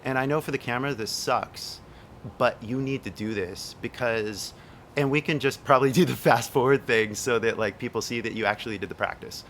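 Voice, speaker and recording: A man's voice: medium pitch, a little fast, a bit bright, a little hiss or hum. A young man coaching an actress on her accent, talking loosely with lots of "like" and "right?" and the odd swear word. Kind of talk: casual one-on-one coaching.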